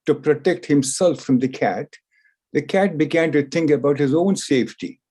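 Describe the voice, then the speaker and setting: A man lecturing on scripture, retelling an ancient story in a deliberate discourse, repeating phrases for emphasis. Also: a little high, mellow.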